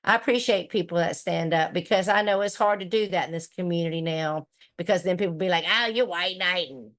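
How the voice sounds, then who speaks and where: Her voice sits on the low side but sounds fairly bright, and she talks briskly while hosting a relaxed livestream. Reading out viewers' comments, she responds with blunt, profane remarks and frequent laughter.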